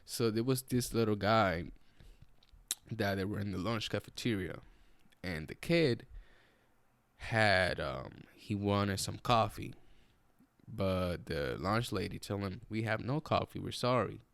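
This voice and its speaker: A man's voice: on the low side, takes it slowly, gravelly, pauses often, fairly bright tone, dry recording. A young man telling stories on his podcast, casual, profane and rambling, with frequent restarts. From Puerto Rico. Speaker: podcast host. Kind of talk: casual storytelling.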